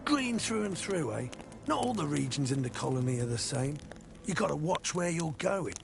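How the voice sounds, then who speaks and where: An actor playing a sly, cocky male convict hunter in a video game, with a gravelly voice and rough slang. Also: on the high side, big pitch swings, normal speed, noisy background. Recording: game music behind.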